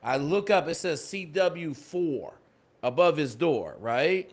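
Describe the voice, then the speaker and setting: A man, a former Navy SEAL, telling a war story as a guest in a casual chat, cursing and lively. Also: on the high side, takes it slowly. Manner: swearing, animated storyteller.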